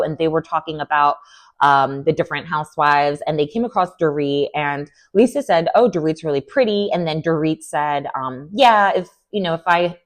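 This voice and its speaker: A young woman with a sassy, animated manner, giving an opinionated recap of a reality TV show. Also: low voice. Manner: animated, sassy, lots of "like" and "girl". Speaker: recap vlogger.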